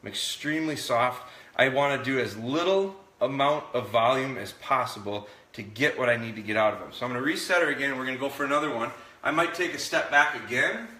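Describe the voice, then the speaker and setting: A man runs a live dog training session, explaining each step to viewers in a relaxed way. His voice is bright and forward. The room around him rings with echo. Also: medium pitch, brisk, few pauses. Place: indoors.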